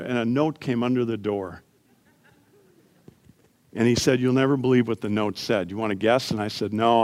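Earnest pastor preaching, swinging from emphatic to soft. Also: male voice, medium pitch. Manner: earnest, rising to emphatic peaks then dropping to soft storytelling. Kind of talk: sermon.

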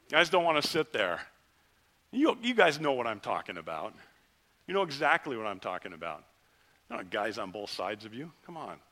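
A middle-aged male pastor giving a conversational sermon, swinging between lively rises and quiet drops. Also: a little high.

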